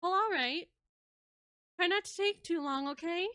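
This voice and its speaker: A woman voicing a composed teenage schoolgirl club president in a soft, light, airy way. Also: very high voice, a little slow, no room sound, clean studio sound, heavily acted. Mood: gentle.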